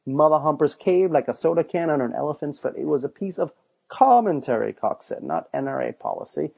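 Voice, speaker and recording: A man's voice: fairly high pitch, big pitch swings, a little fast, vocal fry, breathy edge, lo-fi sound. A man hosting satirical commentary, sarcastic in tone, breaking into mocking voices when he reads quotes. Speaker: podcast host.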